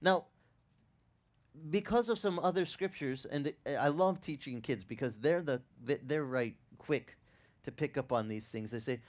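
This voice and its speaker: A male pastor preaching a sermon, telling stories with many restarts and acting out the people he quotes. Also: mid-range voice. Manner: animated storytelling, acting out quoted voices; halting, with frequent restarts.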